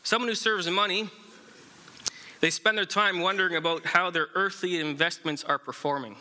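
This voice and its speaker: Guy preaching, really bright voice, kinda high, lots of uhs and restarts. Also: steady tone. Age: adult, married. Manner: halting, many fillers and restarts. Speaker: pastor. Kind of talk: sermon with an illustrative story.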